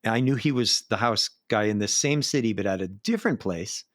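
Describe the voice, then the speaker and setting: A man's voice: fairly low pitch, fairly quick, no room sound. Dry-voiced middle-aged man telling stories. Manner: animated anecdotes, acts out quoted voices. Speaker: live sound engineer, interview guest. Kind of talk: casual storytelling interview.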